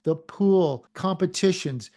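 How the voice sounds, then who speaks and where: A middle-aged man hosting a motivational podcast, energetic and firing many questions at the listener. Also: high-pitched, slow pace. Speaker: podcast host. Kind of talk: motivational talk.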